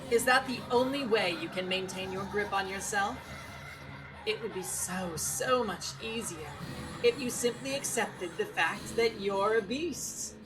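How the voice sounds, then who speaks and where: A woman's voice: mid-range voice, measured pace, voice pushed up, lightly acted. A woman voicing a cruel, mocking taunter in a sneering manner. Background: game music.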